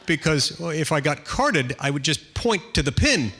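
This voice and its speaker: Bright-voiced man telling a dry funny story. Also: a little high, big pitch swings, moderate pace, slight background noise. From United States. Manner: self-deprecating, dry humor with many restarts. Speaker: senator giving a speech. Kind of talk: humorous anecdotal speech.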